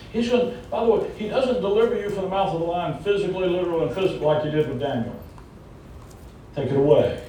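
Folksy Southern preacher in a booming hall. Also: male voice, dark tone. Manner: folksy, emphatic, joking asides. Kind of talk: conversational sermon. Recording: echoey hall from far off with faint rumble.

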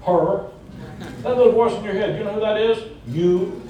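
A man's voice: steady tone, quick pace, lo-fi sound. A man with a Southern US accent preaching a conversational sermon, folksy and emphatic, with joking asides. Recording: echoey hall from far off with faint rumble.

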